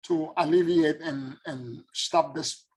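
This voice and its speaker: A woman's voice: low voice, fairly even intonation, takes it slowly, a little mellow, breathy edge, full character voice. A man voicing an anxious woman client who urgently repeats her questions, pleading for answers.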